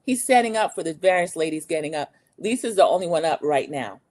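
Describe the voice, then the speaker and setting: A woman's voice: low voice, animated, brisk, a little mellow. A middle-aged woman hosting a casual, opinionated reality TV recap, chatty and eager to share her own views. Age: Gen X, 40s to 50s. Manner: chatty and opinionated, acts out quotes in a raised voice.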